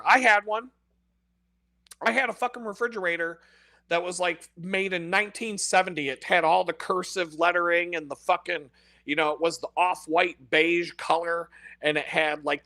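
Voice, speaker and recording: A man's voice: high-pitched, pushed and bright, no room sound. A man ranting in a casual, profane monologue, cursing constantly and laughing at his own jokes. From United States. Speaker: podcast host.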